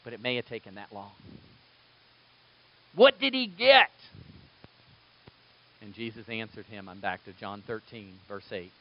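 A man preaching a sermon, moving between quiet, low passages and loud, emphatic bursts. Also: little pitch movement, a little fast, hardly any pauses, no room sound, muffled recording. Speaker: pastor.

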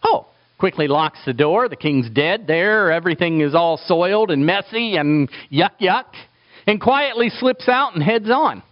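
A man preaching a sermon in an animated way, acting out quoted voices for humor. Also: high voice, a little slow, highs cut off.

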